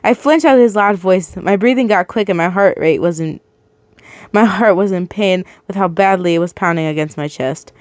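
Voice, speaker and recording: A woman's voice: fairly low pitch, moderate pace, dry recording. A woman reads a first-person fan story aloud in a casual, emotional way and often laughs at herself. The voice is recorded close and dry, with no room sound. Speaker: reader of fan fiction. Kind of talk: reading a story aloud with reactions.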